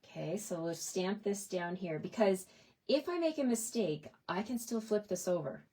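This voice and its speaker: Lady showing how to make a card, upbeat and chatty, voice on the lower side. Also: lively intonation, moderate pace, darkish tone, husky. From Canada. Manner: chatty and enthusiastic, addressing viewers as you guys. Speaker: card-making demonstrator. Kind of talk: crafting tutorial.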